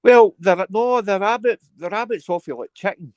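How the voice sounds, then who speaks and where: A Scottish man with a high voice hosts a casual live chat stream, chatting briskly and scolding his callers now and then. There's no echo on the recording.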